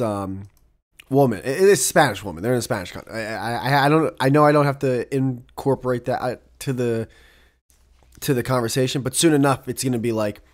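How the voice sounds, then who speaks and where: Young dude on his podcast mic, rambling and cussing, keeps cutting himself off mid sentence. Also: mid-range voice. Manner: rambling, profane, self-interrupting with asides. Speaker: podcast host. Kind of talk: casual solo podcast monologue.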